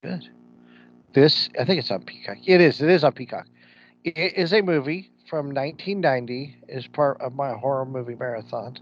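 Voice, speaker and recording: A man's voice: mid-range voice, normal speed. A man with a Midwestern American accent, co-hosting a podcast in casual, opinionated chat. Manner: blunt, opinionated, uses slang like ain't. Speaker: podcast co-host. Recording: dull lo-fi podcast audio.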